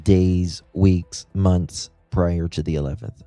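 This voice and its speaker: Male livestream host, deep mellow voice, dry close sound, ponders aloud. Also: fairly even intonation, slow, dry recording, soft background music. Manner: musing, thinks aloud with rhetorical questions. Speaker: true-crime livestream host. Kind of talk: casual livestream commentary.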